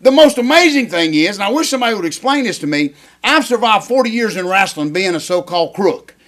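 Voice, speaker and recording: An older man, a retired wrestler co-hosting a casual chat, given to excitable, rambling rants. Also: sits high, fast.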